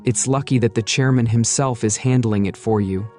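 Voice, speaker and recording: A man's voice: mid-range voice, steady tone, normal speed, a little mellow, soft background music, natural voice. A man voicing a pushy, eager male vice president in a matter-of-fact way.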